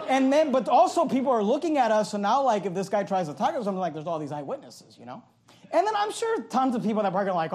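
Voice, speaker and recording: A middle-aged man preaching a sermon as pastor, telling a story loudly and animatedly, now and then breaking into yelling. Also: high-pitched, fast. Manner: loud, animated storytelling from the pulpit; bursts into yelling.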